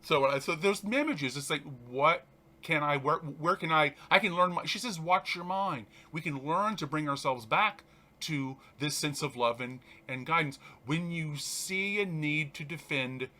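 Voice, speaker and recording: Man, reverend host, fairly high voice, sharp bright tone, animated, stop-and-start delivery, scripture commentary. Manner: animated, halting, frequent restarts and laughs. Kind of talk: reading and commenting on a spiritual text.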